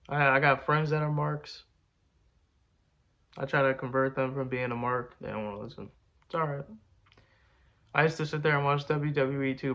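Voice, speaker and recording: A man's voice: medium pitch, a bit bright. Rambling boastful young man, lo-fi. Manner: rambling, boastful, slangy with lots of "bro" and "man". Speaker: rapper answering fan questions. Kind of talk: casual chat.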